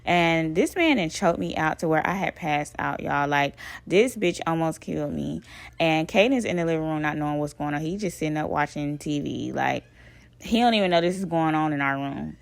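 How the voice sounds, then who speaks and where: A woman from Alabama, telling a personal story in a casual, animated way, swearing and addressing listeners as y'all. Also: low-pitched, normal speed, vocal fry, no room sound. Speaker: vlogger.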